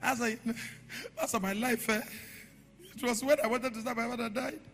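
A man preaching a sermon in a church hall, moving from quiet storytelling to shouted, sing-song declarations. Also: extremely high pitch, fairly even intonation, normal speed. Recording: echoey hall with music behind.

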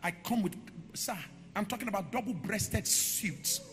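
A man preaching a sermon in a church hall, moving from quiet storytelling to shouted, sing-song declarations. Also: high-pitched, moderate pace. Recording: echoey hall with music behind.

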